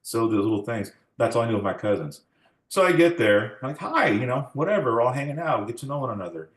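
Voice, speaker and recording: A man's voice: medium pitch, lively intonation, fast talker, roomy sound. A man in his forties in an oral history interview, telling family stories in a reflective way and acting out the dialogue. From United States. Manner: reflective storytelling, acts out quoted dialogue.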